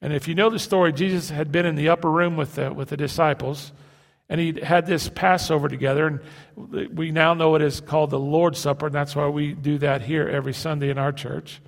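A male pastor preaching a sermon in a halting way, repeating words and asking rhetorical questions. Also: on the high side, steady tone, gravelly, in a large hall.

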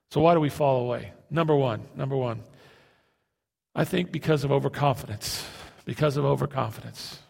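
A male pastor preaching a sermon in a halting way, repeating words and asking rhetorical questions. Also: a little high, creaky, in a large hall.

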